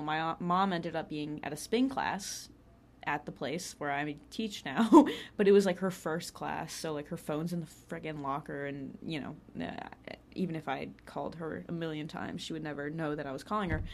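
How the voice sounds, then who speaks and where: Chatty young woman telling a story. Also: sits low. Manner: chatty, lots of filler words and laughter. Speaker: podcast host. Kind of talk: casual storytelling.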